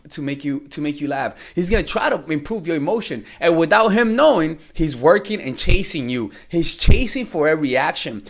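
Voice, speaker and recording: A young man coaching women on dating, talking bluntly and with profanity, acting out bits of dialogue. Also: high-pitched. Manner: blunt, profane, animated, acts out quoted dialogue. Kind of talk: direct-to-camera advice talk.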